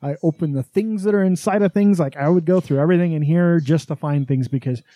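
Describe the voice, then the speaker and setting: A man's voice: fairly high pitch, fast, dark tone, no echo. A middle-aged man co-hosting a podcast, telling a family story in a boastful, profane way and acting out both sides of a conversation. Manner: boastful, swears freely, acts out dialogue. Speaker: podcast co-host. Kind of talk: casual storytelling chat.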